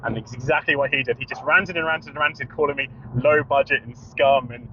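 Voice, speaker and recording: A British man co-hosting a podcast, telling an animated story with laughter and acting out both sides of a phone call. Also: medium pitch, fairly quick. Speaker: podcast co-host. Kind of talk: casual storytelling chat. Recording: dull lo-fi sound.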